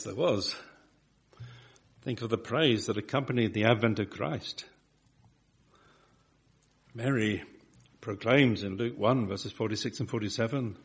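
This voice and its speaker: A man preaching a sermon, slow and emphatic, asking his listeners rhetorical questions. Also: on the low side, vocal fry.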